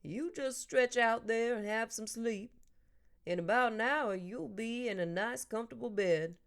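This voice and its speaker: A woman's voice: a little high, unhurried, pitched above the performer's own voice. A woman voicing a kindly, teasing older man and grandfather who jokes in a dry, storytelling way.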